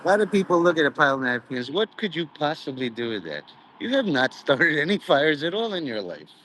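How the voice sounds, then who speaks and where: A man's voice: a little high, very animated, a little fast, sharp tone, slight background noise, poor audio. A man talking in a meandering, profane monologue, full of "you know" and jumping between mock-preachy asides. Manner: mock preachy, drifts into quoted voices. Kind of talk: rambling monologue.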